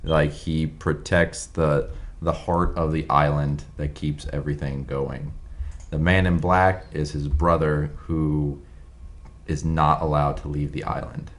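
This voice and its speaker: A man co-hosting a casual podcast chat, telling stories and joking with friends. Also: unhurried. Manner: animated storyteller, jumps into high-pitched put-on voices for jokes. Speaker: podcast co-host.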